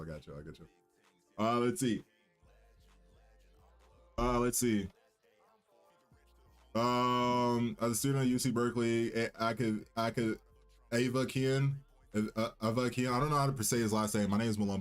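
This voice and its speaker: A young man hosting his own livestream, chatting loosely and cockily with restarts and fillers. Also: mid-range voice. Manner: loose, rambling, cocky banter with restarts. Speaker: livestream host and musician. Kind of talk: casual livestream chat.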